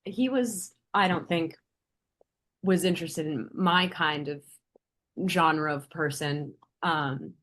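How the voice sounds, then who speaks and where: A young woman in casual podcast chat, blunt and profane, breaking into animated outbursts. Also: low voice, slow pace.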